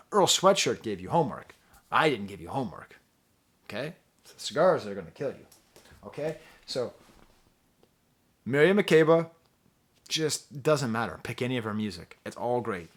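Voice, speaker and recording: Man, record reviewer, middle-pitched voice, earnest and emphatic, warm laughs, lecturing asides to the viewer. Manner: impassioned, emphatic, quick to laugh; talks straight to the viewer, teacherly asides. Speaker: music reviewer hosting his own channel. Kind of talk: casual record review monologue.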